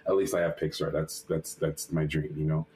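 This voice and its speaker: A male animator, a guest in an interview, telling a personal story lively and acting out the quotes, with many restarts and fillers. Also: extremely low pitch, moderate pace, a little hiss or hum, poor audio. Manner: lively retelling that acts out quotes.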